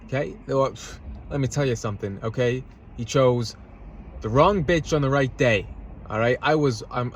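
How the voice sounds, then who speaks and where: A man's voice: mid-range voice, slight background noise. A man telling a road-rage story in a casual, agitated rant from his parked car, swearing and repeating himself. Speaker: vlogger. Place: parked car in a parking lot.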